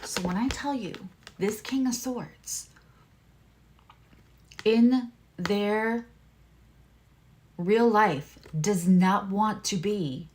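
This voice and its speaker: Drawing out her words and pausing often, this medium-pitched woman hosts a live tarot and astrology reading. She's chatty and frank, curses freely, and now and then lowers her voice into hushed asides.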